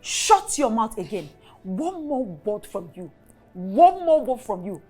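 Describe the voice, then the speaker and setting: A woman's voice: on the high side, sing-song, slow pace, darkish tone, soft background music. A woman with a Nigerian accent playing a domineering stepmother who scolds and gives orders. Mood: scolding. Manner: scolding, commanding. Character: harsh domineering stepmother, middle-aged.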